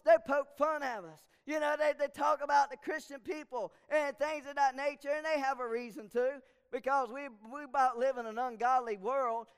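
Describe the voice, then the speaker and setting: A man's voice: very high voice, clear, resonant tone. A man pastor preaching a sermon, hammering his points by repeating phrases. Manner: emphatic, repeats lines for stress. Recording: long hall reverb.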